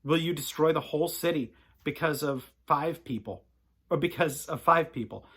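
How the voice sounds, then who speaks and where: A man's voice: fairly high pitch, normal speed, fairly bright tone, slightly rough. A man reading the lines of a humble aged patriarch, pleading earnestly and hesitantly.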